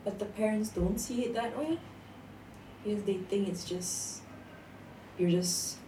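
A young woman talks casually and tells her stories with animated energy. She sits back from the microphone in an echoey room. A faint hiss runs under her voice. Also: mid-range voice, a little slow. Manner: animated storytelling, laughs often. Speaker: guest. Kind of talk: casual chat. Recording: echoey room, distant mic, faint noise.

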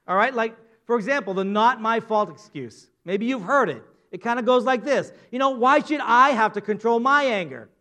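This man's very high voice has a slightly bright quality. He preaches in a lighthearted, chatty way, frequently turning to the congregation with questions.

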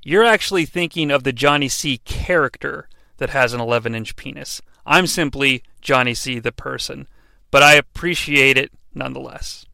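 A man's voice: mid-range voice, moderate pace, creaky, sharp tone, no room sound. A man hosting a comedic wrestling recap podcast, narrating with wry, sarcastic asides.

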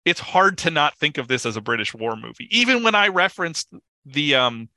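A man co-hosting a podcast, discussing a film in an animated way, with chuckles and lots of filler words. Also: on the high side, brisk, no echo. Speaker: podcast co-host.

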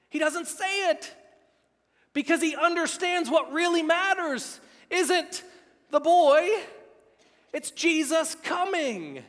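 A middle-aged male pastor preaching a sermon, excitable and emphatic, swinging between near-shouting and hushed tones. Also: very high voice, slow, big-room sound. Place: church sanctuary.

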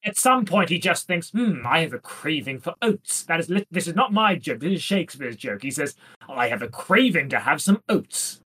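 A woman co-hosting a casual comedy podcast, talking in a deadpan, playful way and slipping into silly voices. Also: low voice, normal speed, breathy edge. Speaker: podcast co-host. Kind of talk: casual comedic chat about Shakespeare.

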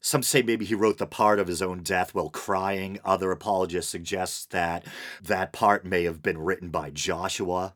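A man's voice: low-pitched, fairly even intonation, normal speed, fairly bright tone. A man with a New England accent hosting a solo podcast, talking in a wry, self-deprecating way with chuckles and "uh"s. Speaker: podcast host. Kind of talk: casual solo podcast monologue.

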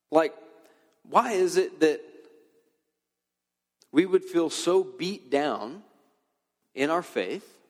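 Man preaching casually in a reverberant hall. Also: a little high. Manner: conversational, animated preaching with filler words. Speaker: pastor. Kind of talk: sermon to a youth audience.

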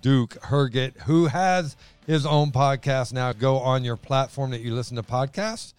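A man's voice: medium pitch, fairly even intonation, unhurried, clean tone, dry recording. A man hosting a podcast, talking in a plain-spoken, opinionated, conversational way. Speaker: podcast host. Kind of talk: casual podcast chat.

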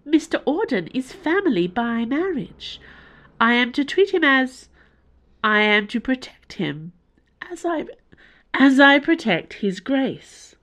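A woman's voice: high voice, big pitch swings, a bit bright, voice pushed up, exaggerated voice. A woman doing a distressed robotic house voice. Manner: distressed, halting. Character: anxious male AI house, strained logic.

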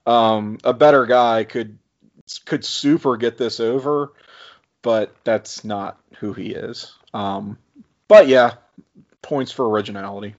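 A man co-hosting in casual chat, wry and halting, often breaking off mid-sentence. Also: medium pitch. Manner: wry, halting, self-interrupting. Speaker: podcast co-host. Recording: dull lo-fi audio.

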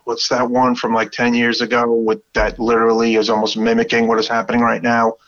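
Brooklyn guy, casual chat, excited and profane, dull lo-fi mic. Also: mid-range voice, fairly quick. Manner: enthusiastic, swears freely, rambling with restarts.

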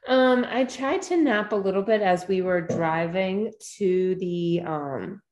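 A woman's voice: mid-range voice, slow pace, darkish tone, roomy sound, dull audio. A woman, a podcast guest, telling her story in a chatty, casual way. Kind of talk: casual interview chat.

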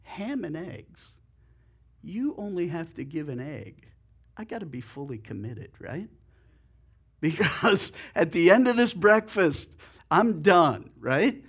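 A good-natured, simple male farm pig from a pulpit tale, as a preacher puts him on. He talks in a folksy way, dropping low and quiet, then rising bright and eager, within a fairly high male range. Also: animated, normal speed, gravelly, breathy edge, exaggerated voice. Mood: dismayed.

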